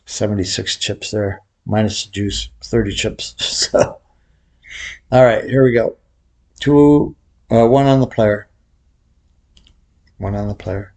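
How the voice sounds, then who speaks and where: A middle-aged man walks through a lesson in a loose, chatty way. His voice sits on the low side, and he drifts off topic, laughing at himself. Some words carry a faint whistle from a cracked tooth. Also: gravelly, a little mellow. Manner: rambling, jokey, laughs at himself. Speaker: baccarat instructor. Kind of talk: casual tutorial commentary.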